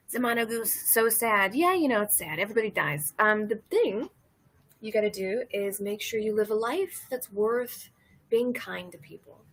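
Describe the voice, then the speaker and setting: A woman from Louisiana hosting a casual comedic monologue, rambling and cursing and laughing her way through dark topics. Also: medium pitch, expressive, measured pace, long pauses, slightly rough, poor audio. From Louisiana, USA. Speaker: host.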